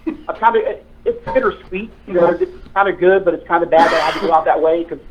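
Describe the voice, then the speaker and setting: A man's voice: high voice, fast talker. A retired police officer, a man, telling stories in a casual chat, hesitant with many fillers and restarts. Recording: tinny phone-like line.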